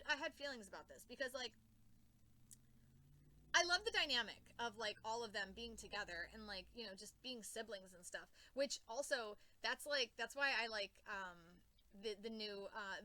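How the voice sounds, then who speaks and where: A woman rambling casually as a comics vlogger, excitable and gushing, swearing often and full of fillers. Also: a little high, poor audio.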